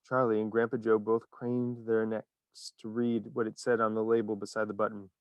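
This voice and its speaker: A man narrating a children's story in an expressive, animated reading. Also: fairly low pitch, normal speed, clean tone, no room sound.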